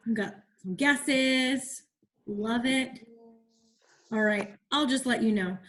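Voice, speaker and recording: A woman's voice: on the high side, slow, a bit bright. A woman teacher leading an online class over a video call, encouraging the children and asking them questions as she explains.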